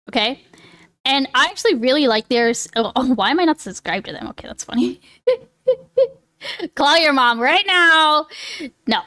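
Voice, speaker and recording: A woman's voice: high voice, a bit bright. A woman live streamer chatting casually with her viewers. She rambles, restarts often, laughs a lot and swears freely.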